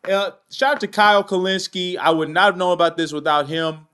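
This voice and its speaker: A man hosting his own commentary show, reading news aloud and ranting loudly with heavy profanity. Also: high-pitched, normal speed, clean tone. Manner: loud. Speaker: political commentary host.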